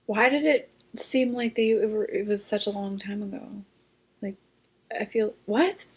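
A woman's voice: medium pitch, measured pace, breathy edge. A young woman co-hosting a podcast, chatting casually and reflecting on her friend's story. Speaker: podcast co-host. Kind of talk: casual chat.

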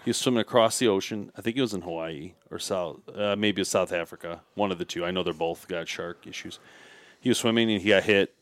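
A man with a deep, low-pitched voice co-hosts a casual podcast. He tells stories in an animated way and calls the others "dude". His voice sounds close and dry, with no room behind it. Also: a little fast, no room sound. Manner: animated storyteller, says "dude" often. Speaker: podcast co-host. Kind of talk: casual chat.

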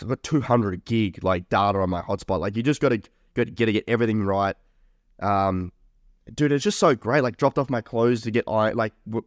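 A man's voice: fairly low pitch, no room sound, clean studio sound. A young man co-hosting a podcast, chatting casually, swearing and laughing often. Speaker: podcast co-host.

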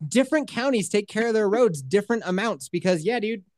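A woman's voice: mid-range voice, expressive, brisk, a little mellow, dry recording, studio quality. A woman co-hosting a podcast, telling a long story in a casual way, cursing freely and acting out what other people said. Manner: swears freely and acts out other people's voices. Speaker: podcast co-host.

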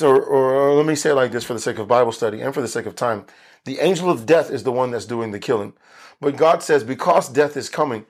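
Man, preacher, mid-pitched voice, casual sermon, slows down to stress points. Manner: conversational, repeats and restarts phrases, slows for emphasis.

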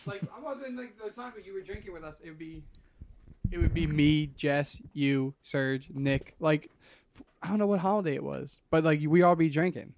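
Rambling man with a slightly higher voice. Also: lively intonation. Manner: rambling, halting. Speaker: podcast co-host. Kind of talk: casual banter.

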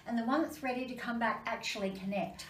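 A woman who works as an animal communicator and medium, talking casually in an animated, storytelling way with many restarts. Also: fairly high pitch, fast. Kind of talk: casual conversation. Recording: roomy, distant mic with faint background noise.

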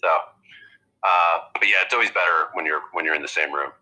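A low-pitched man in casual podcast conversation, his voice bright and forceful. He rambles and restarts his sentences as he goes. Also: rough recording. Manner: rambling, halting with many restarts. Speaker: guest comedian.

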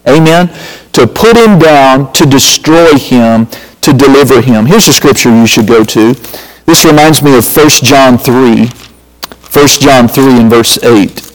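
A man's voice: medium pitch, unhurried. A man preaching a sermon as a pastor, emphatic, repeating phrases and calling out to the congregation. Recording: reverberant hall.

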